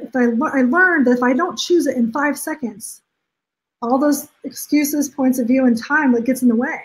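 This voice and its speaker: On a live stream, a life coach coaches her viewers in an upbeat, emphatic way, acting out the things people say. Her voice is high-pitched, and the recording is rough.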